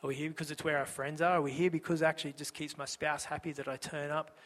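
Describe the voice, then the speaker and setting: A man's voice: a little high, flat delivery, fast talker, a bit bright, big-room sound. A man preaching a sermon in a church, telling the story conversationally and asking the congregation rhetorical questions. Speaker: pastor.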